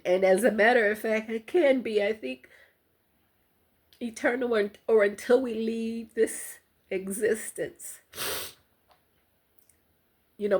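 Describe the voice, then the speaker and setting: An older woman speaks to her viewers in a slow, unhurried voice with a husky, breathy edge. Her delivery is halting and heartfelt, full of pauses, in the manner of a personal vlog. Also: medium pitch. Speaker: vlogger. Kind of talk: emotional personal testimony to camera.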